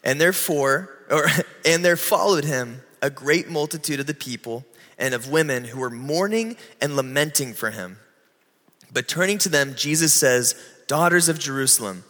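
A man preaching a sermon with a bright, forceful tone set a little high. He talks conversationally, slowing and rising to drive points home. His voice rings out with a long hall reverb around it. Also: expressive. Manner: conversational preaching, slows and rises for emphasis. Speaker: pastor.

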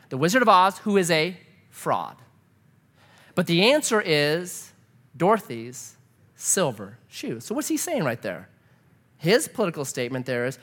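A man preaching a sermon in church, animated and humorous, asking the congregation rhetorical questions. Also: high-pitched. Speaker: pastor.

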